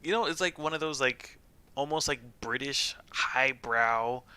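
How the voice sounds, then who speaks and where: A male streamer comments casually on a story game, cracking jokes and laughing. His voice is very bright and sits in the middle of the range. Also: medium pitch, normal speed, clear, resonant tone. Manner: chatty, joking, laughs often. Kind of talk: casual let's-play commentary.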